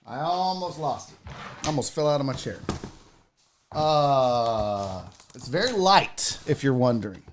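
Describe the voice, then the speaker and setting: Excitable, foul-mouthed woman hosting a show. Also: very deep voice, unhurried, slight background noise. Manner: excitable and heavily profane; talks straight to the audience. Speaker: sports show host. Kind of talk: casual unboxing chat to viewers.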